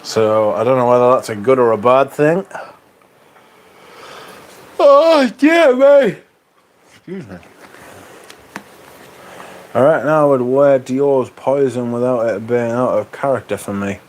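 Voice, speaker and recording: A man's voice: medium pitch, normal speed, pauses often. A man with a Northern English accent hosting a livestream, chatting casually and reading out viewer comments with dry banter. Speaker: livestream host.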